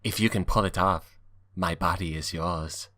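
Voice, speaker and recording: A man voicing a sultry female hedgehog temptress, speaking in a soft, low, seductive way. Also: fairly even intonation, normal speed, no echo.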